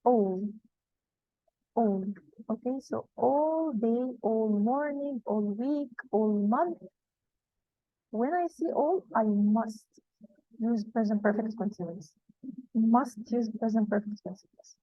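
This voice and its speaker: Higher-voiced woman teaching grammar, dry and dull. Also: no echo. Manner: repeats rules slowly and with emphasis. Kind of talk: classroom grammar lesson.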